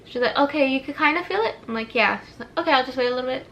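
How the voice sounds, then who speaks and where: A woman's voice: sits high, very fast, muffled recording, a little hiss or hum. A young woman vlogger telling a personal story in casual chat while doing her makeup, acting out what people said with laughs and gasps. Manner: animated, acts out quotes with laughs and gasps.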